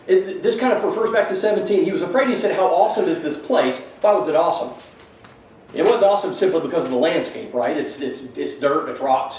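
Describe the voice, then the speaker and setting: A man's voice: fairly high pitch, a little mellow. Man teaching a Bible class in an echoey room. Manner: thinks aloud, asks the class questions. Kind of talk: conversational Bible lesson. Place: church classroom. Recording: very echoey room, mic far off, faint hiss.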